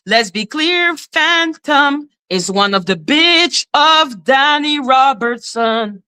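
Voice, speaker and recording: A woman host reacting to stream clips, sarcastic and full of profanity. Her voice is high and bright, sharp-edged. She talks slowly, dragging out her words. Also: lively intonation, smooth. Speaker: commentary channel host. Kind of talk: reaction commentary on a livestream clip.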